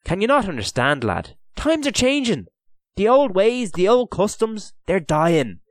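A man's voice: sits high, big pitch swings, a little slow, no echo, clean studio sound, voice pushed up. A man voicing a kindly, patient older official with a lilt, earnest and sorrowful as he pleads. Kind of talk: audiobook character voice.

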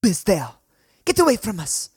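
A man reading a story aloud voices a frightened young girl hiding in the jungle, pleading and alarmed in a high voice. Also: huge pitch swings, normal speed, darkish tone, husky, no room sound, clean studio sound, exaggerated voice.

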